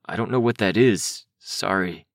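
A gentle, self-deprecating teenage boy , as a male narrator reads him, casual and a bit mumbling, pitched only slightly above the narrator's low voice. It is a dry, close audiobook recording. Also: moderate pace, dry recording.

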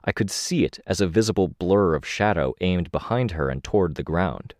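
A man reading a first-person story aloud as an audiobook narrator, steady and measured, with lifts on the action beats. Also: low voice, no room sound, clean studio sound.

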